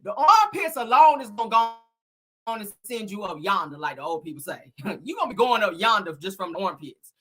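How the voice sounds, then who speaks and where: A woman's voice: mid-range voice, a little fast. A woman hosting a casual celebrity gossip show, sassy and profane, laughing often and talking straight to her viewers. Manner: animated, dramatic emphasis.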